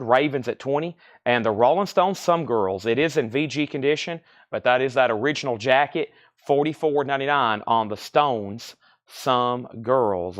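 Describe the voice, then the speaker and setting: A man hosting a live-stream vinyl sale in a medium-pitched voice. He reads out conditions and prices in a brisk, businesslike patter and calls bidders by name. Between items he chats casually with the viewers. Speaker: host of a live online record sale.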